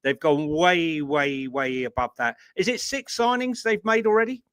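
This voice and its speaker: A man's voice: on the high side, animated, normal speed, a bit bright, smooth. Emphatic man in casual football chat. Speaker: podcast co-host.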